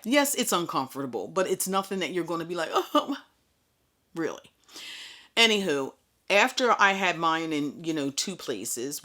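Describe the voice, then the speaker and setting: A middle-aged woman speaking to her viewers in a relaxed, chatty way, with frank asides and humor. Her voice sits on the low side for a woman. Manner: chatty, candid and animated, with asides. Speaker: vlogger. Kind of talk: casual personal storytelling.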